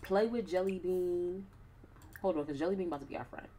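A woman's voice: lowish voice, brisk, warm tone, a little hiss or hum. A young woman casually commenting on her life-sim gameplay with playful, slangy asides. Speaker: gaming YouTuber.

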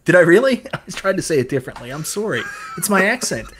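A man's voice: fairly high pitch, very animated, fast talker, fairly bright tone, a little hiss or hum. A man with a Newfoundland accent from Newfoundland, co-hosting a casual podcast chat in a chatty, joking, self-deprecating way. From Newfoundland, Canada. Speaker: co-host.

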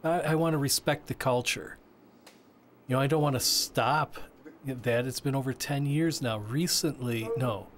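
A man voicing a signer's interview answers as interpreter, halting with frequent restarts and repeated words. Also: medium pitch, a little hiss or hum.

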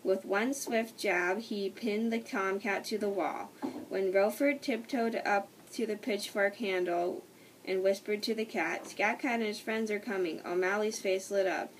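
A woman reads a children's storybook aloud at a middle pitch, careful and unhurried. She often stumbles and restarts her words. Her voice sounds distant from the mic, over a faint hiss. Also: steady tone. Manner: slow, careful reading with frequent slips and restarts. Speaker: storybook reader. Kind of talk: reading a children's book aloud.

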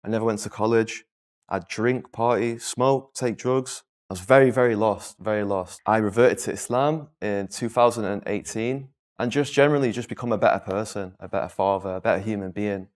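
A young man from northwest England, telling his life story as an interview guest in a candid, halting way. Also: fairly low pitch. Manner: candid, repetitive, halting restarts. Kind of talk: personal testimony interview.

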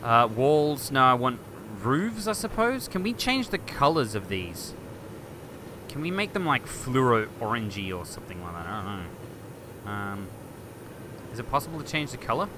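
A man hosting a game video, thinking aloud and getting excited as he chats to objects on screen. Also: mid-range voice, normal speed, noisy background. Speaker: gaming video host. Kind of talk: let's play commentary.

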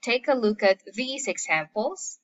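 A woman's voice: a little high, lively intonation, a little slow, lo-fi sound. A woman teacher from the Philippines giving an online literature lesson, patiently explaining and listing terms one by one.

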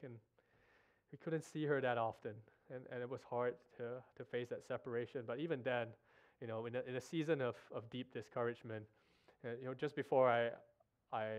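Male guest preacher, earnest and emotional, halting delivery, smooth voice, muffled lo-fi recording. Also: mid-range voice. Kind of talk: sermon. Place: church sanctuary.

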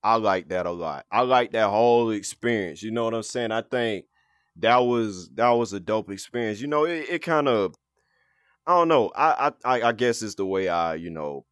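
Excitable, slangy man gaming in VR. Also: lowish voice, normal speed, no room sound, clean studio sound. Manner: excitable, slangy, swears freely. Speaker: VR gaming video host. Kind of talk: casual gameplay commentary. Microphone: VR headset setup.

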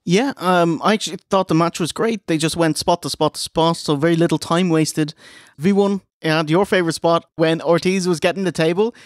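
A man's voice: fairly high pitch, a little fast, dry recording, studio quality. A man co-hosting a casual review show, recapping with wry asides. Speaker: podcast co-host. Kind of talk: casual wrestling review chat.

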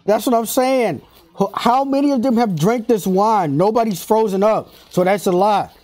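A man hosting an anime reaction video, talking in excited, slangy casual commentary, laughing often and repeating himself. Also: sits high, normal speed. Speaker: anime reaction channel host.

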